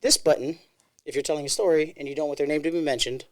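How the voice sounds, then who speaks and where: A man's voice: fairly high pitch, steady tone, fast. A man hosting a casual podcast, telling stories animatedly, swearing and laughing often. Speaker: podcast host. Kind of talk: casual chat.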